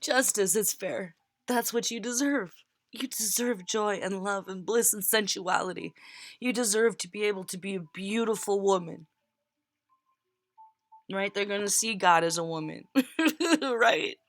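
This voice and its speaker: A woman's voice: mid-range voice, moderate pace, no echo. A woman reading tarot cards for her viewers, tearful and heartfelt, laughing through her tears as she reassures them. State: crying. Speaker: tarot reader.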